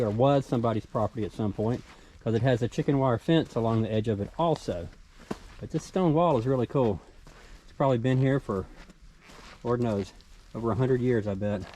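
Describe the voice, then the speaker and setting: A middle-aged man with a Southern US accent, a hiking vlogger, strolls through the forest narrating casually and pointing out finds on the trail. His voice is mid-range and dark-toned, his manner easygoing and keen on small discoveries, and the recording quality is poor.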